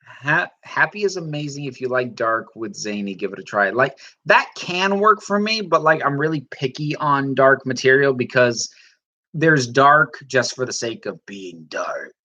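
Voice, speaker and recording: Trans woman host, chatty and rambling, lively bright voice, lo-fi stream sound. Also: very deep voice, unhurried. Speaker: livestream host reading chat. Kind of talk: casual chat.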